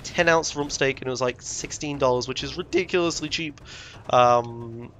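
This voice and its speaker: Bright-voiced young man rambling. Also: mid-range voice, normal speed. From Britain. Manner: rambling, self-correcting, indignant asides. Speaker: vlogger. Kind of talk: casual rambling travel vlog.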